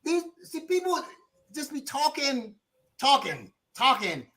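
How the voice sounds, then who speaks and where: Animated high-voiced man telling stories. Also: unhurried. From Chicago. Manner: animated, swears freely, acts out quoted people. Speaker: instructor. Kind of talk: casual storytelling discussion.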